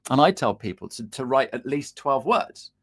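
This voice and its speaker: Male coach, animated delivery, video-call sound. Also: medium pitch, normal speed. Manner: lively, animated, acts out little dialogues. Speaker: LinkedIn coach, guest. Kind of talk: casual video-call chat. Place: home room with guitars on the wall.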